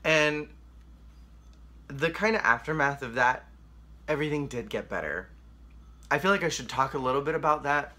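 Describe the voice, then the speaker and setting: A man's voice: medium pitch, normal speed, pauses often, pushed and bright. A young man candidly telling a painful personal story to the camera, emotional and rambling, with lots of "like.". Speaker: vlogger.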